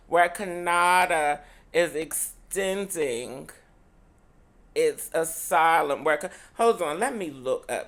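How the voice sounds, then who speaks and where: This US podcast co-host has a lowish, fairly bright voice and a sassy, profane way of chatting. "Honey" comes out of her mouth constantly as she talks casually with everyone.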